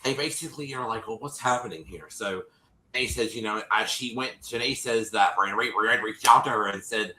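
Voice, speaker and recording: A man's voice: fairly low pitch, normal speed, bright, forceful tone, echoey room, a little hiss or hum, poor audio. A man co-hosting a casual livestream, retelling a TV episode in a rambling way and acting out the quotes. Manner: rambling, restarts often, acts out quotes. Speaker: co-host recapping a TV episode.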